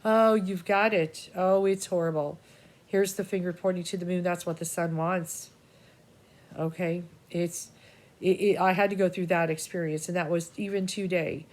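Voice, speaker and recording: A woman with a Boston accent giving an emotional, rambling spiritual talk, halting often and swearing freely. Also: lowish voice, flat delivery, darkish tone. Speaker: spiritual reader.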